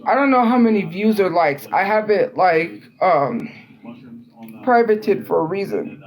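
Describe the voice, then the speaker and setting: A woman's voice: mid-range voice, expressive, measured pace, rough recording. A young woman telling a story on a livestream in a rambling, exasperated way, full of "like" and restarts. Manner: rambling, filler-heavy, with frequent "like" and restarts; exasperated and incredulous. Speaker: livestream host.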